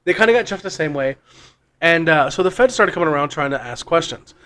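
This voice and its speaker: A man's voice: on the high side, expressive, a little fast, fairly bright tone, a little hiss or hum. Rambling, profane podcast man. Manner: rambling and profane, with frequent restarts and laughs. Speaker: podcast co-host. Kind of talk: casual storytelling.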